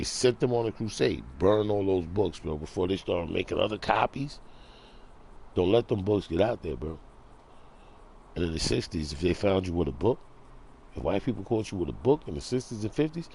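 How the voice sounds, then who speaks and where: A man ranting preachily in a casual monologue, talking low and quietly at home in the early morning. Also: vocal fry, slight background noise. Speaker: vlogger.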